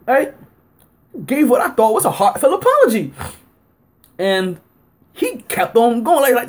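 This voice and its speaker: A man's voice: a little fast, breathy edge. A man hosting a sports podcast, telling a story casually, acting out both sides of an argument and filling his talk with "like" and laughter. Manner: animated, acts out both sides of an argument with rising pitch; heavy use of fillers like "like" and frequent laughter. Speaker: podcast host.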